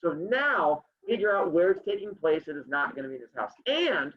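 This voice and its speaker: Playful high-voiced male teacher, lo-fi sound. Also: sing-song, brisk. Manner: playful, joking asides to students. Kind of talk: reading a story aloud to a class. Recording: dull lo-fi sound.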